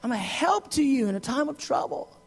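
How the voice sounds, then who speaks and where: A man's voice: very high voice, expressive, brisk, vocal fry, breathy edge, voice pushed up, full character voice. A man voicing a patient, loving God. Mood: reassuring. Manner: warm, eager, emphatic reassurance. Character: patient, loving male God reassuring his people.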